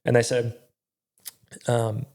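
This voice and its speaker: A young man speaks in a gravelly, mellow voice with little rise and fall. He tells his story candidly in an interview. His speech is halting and full of fillers, with frequent swearing. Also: medium pitch, completely flat delivery. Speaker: podcast guest, army veteran.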